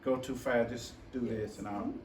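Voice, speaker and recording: A man in his sixties with a Memphis Southern accent talks slowly and easily to a forum audience, often restarting his sentences. He sits at an ordinary middle pitch, picked up from some distance. The sound rings in a large echoey hall over a faint background hum. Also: fairly even intonation. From Memphis, Tennessee. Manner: slow, easygoing, with restarts. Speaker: conference presenter. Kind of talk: conversational forum talk. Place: conference hall.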